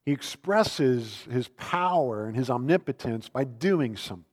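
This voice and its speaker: A man in his fifties preaching a sermon, mixing scripture reading with relaxed, self-deprecating stories told in a conversational way. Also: mid-range voice, unhurried, in a large hall. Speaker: pastor.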